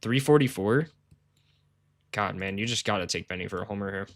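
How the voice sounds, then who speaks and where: A man's voice: lowish voice, fairly quick. A man live-streaming sports betting research, chatting casually with his viewers in a rambling, slangy, self-deprecating way. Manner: rambling, slangy, talks to chat, says "bro" a lot; self-deprecating, laughs often.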